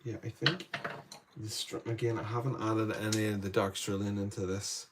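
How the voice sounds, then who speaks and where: In an indoor studio, a man with a fairly low voice hosts a live painting demo, quietly talking himself through every step as if thinking aloud. He brightens when greeting viewers and answering chat questions. His tone stays level at a normal pace, with heavy background noise in the mix.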